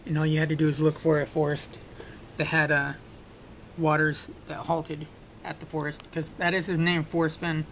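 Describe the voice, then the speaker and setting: In a completely flat, slightly bright voice at a moderate pace, a man who makes puzzle-solving videos works through a puzzle aloud. He restarts often and leans on fillers in this casual on-screen analysis; the audio is poor, with faint rumbling behind him.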